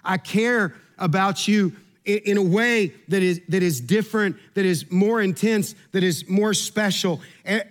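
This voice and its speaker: A man's voice: sits high, unhurried. A middle-aged man, preaching a sermon and telling a humorous personal story, earnest and given to repeating words. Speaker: pastor.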